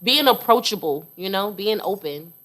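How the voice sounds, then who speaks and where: A woman's voice: mid-range voice, expressive, moderate pace, a bit bright. Woman podcast cohost from buffalo, mid voice, earnest advice, lots of you know. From Buffalo, New York. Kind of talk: casual chat.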